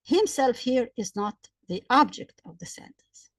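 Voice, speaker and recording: A woman gives a grammar lesson with a fairly high voice. She works through example sentences slowly and repeats each point, and her voice sounds dry and close, with little room around it. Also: lively intonation, dry recording. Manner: slow, repetitive explaining with examples. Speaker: English grammar teacher.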